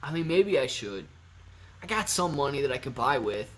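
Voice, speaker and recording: A man hosting a live stream, chatting casually and excitably with his viewers and thinking out loud. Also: medium pitch, normal speed. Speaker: livestream host answering chat.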